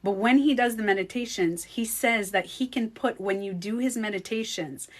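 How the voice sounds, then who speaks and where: A woman vlogger telling a personal story in casual chat, animated and swearing freely. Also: medium pitch, normal speed. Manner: animated, swears freely, acts out quoted speech. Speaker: beauty coach vlogger.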